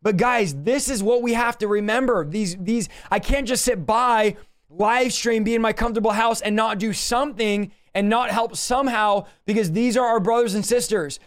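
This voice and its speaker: High-voiced urgent preacher. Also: male voice. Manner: urgent, emphatic preaching with rapid asides. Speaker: pastor. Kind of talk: livestreamed Bible teaching. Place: home office.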